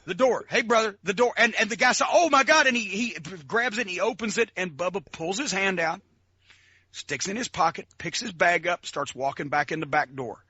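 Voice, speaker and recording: A man telling animated, profane stories as a podcast guest, laughing often and mimicking the people in them. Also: high voice, a little fast, breathy edge, dry recording, muffled recording. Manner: profane, excitable, laughs often, imitates voices. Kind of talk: animated storytelling.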